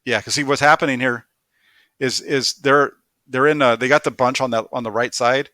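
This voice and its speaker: A man's voice: medium pitch, fairly even intonation, normal speed, bright, forceful tone, no room sound, studio quality. A man who co-hosts a football film review, walking through plays in detail and laughing often. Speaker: football analyst.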